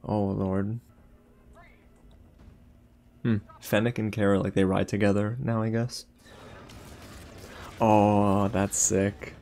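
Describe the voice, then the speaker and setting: A young man hosting a casual reaction video, talking excitedly to his viewers with lots of exclamations. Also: on the low side, slow, long pauses. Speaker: YouTube reaction host.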